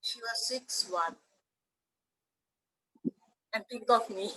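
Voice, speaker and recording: Older woman, Indian English accent, slightly high, chatty veteran teacher, animated anecdotes. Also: slow, husky, poor audio. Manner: chatty, animated anecdotes with playful quoted voices. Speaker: veteran teacher, interview guest. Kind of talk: casual storytelling interview.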